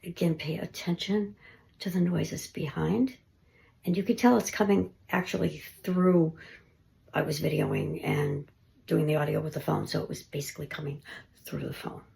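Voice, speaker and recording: A woman with a low voice and a heavy gravelly fry narrates her ghost-hunting recordings in a casual, conversational way. She often sinks into a hushed near-whisper. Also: moderate pace. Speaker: paranormal investigator.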